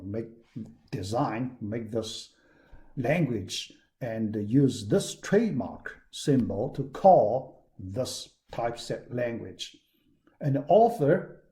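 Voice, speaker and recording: Man, university lecturer, slow, mellow, lively intonation, repeats words, many fillers. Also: medium pitch. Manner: halting, frequent "yeah" and "all right" fillers; repeats key words for emphasis. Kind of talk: recorded classroom lecture.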